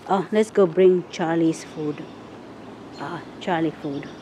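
A woman chatting casually while she walks through her backyard garden, sometimes calling to her pet rabbit in a high sing-song voice. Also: slow, warm tone. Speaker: vlogger giving a garden tour. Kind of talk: casual chat while walking. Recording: outdoor phone video with faint nature noise.

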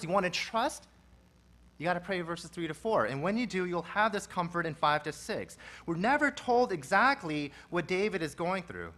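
A man's voice: high voice, a bit bright. A male pastor preaching a sermon in an earnest way, his emphasis rising and falling.

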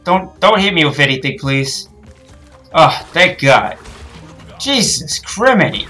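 Gal yelling at a video game, slow drawn-out talk, cusses constantly, some game music under it. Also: female voice, sits low, very animated. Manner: frustrated, swears a lot, yells at the game. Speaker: gaming channel host. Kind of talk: let's play commentary.

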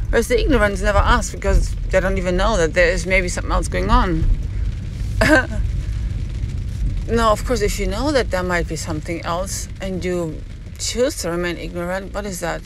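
Frau, plaudernd und grübelnd im Livestream. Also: female voice, medium pitch, a little fast, slight background noise. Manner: rambling and musing, searching for words. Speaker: live-stream host. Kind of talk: casual live-stream monologue answering chat.

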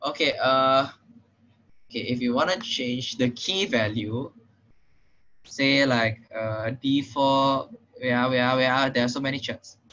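A young man with a Singaporean English accent teaches programming over an online call. He talks casually, with frequent fillers and "right?" check-ins, in a bright, forceful voice. The audio is muffled and lo-fi, like a computer microphone. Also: medium pitch, takes it slowly. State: slightly out of breath. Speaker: programming tutor. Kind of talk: online tutorial lesson.

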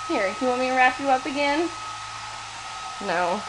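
A woman's voice: high voice, expressive, normal speed, long pauses. A young woman vlogging at home and in a car, chatting casually and cooing baby talk to her dog. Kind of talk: casual family vlog. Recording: noisy handheld camera audio.

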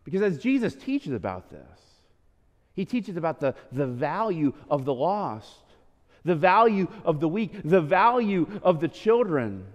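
A male pastor in his thirties preaching a sermon, animated and full of asides. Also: fairly high pitch, unhurried, in a large hall. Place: church sanctuary.

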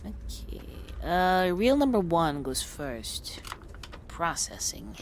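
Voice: medium pitch, lively intonation, a little slow, slight background noise. A streamer playing through a story game, casually reading its text aloud and reacting. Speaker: let's play streamer.

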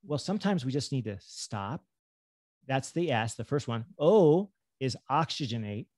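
A middle-aged man, a physician and health coach, talking as a podcast guest in an animated, enthusiastic way. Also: medium pitch, normal speed, no room sound, clean studio sound. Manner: animated, enthusiastic, jumps into acted self-talk. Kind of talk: casual podcast conversation.

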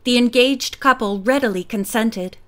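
High-voiced woman narrating a mystery novel. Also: moderate pace, a bit bright. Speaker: audiobook narrator. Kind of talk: audiobook narration.

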